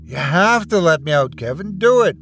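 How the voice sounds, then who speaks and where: A man's voice: fairly high pitch, very animated, moderate pace, a bit bright. A man voicing a trapped man who pleads desperately to be let out. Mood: pleading. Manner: pleading, rising to frantic screams.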